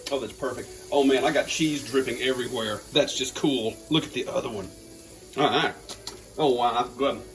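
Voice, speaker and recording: A man's voice: medium pitch, moderate pace, soft background music, poor audio. A man with a Georgia accent hosting a casual cooking demonstration, joking and talking to viewers while he cooks. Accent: Southern US, Georgia. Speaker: home cook and channel host.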